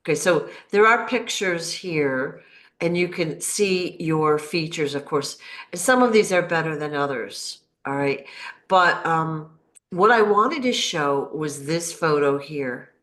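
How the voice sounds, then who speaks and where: A woman hosting a casual interview, often affirming her guest with a quick yeah. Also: deep voice, lively intonation, fairly bright tone. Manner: affirming, with frequent yeahs. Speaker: interview host.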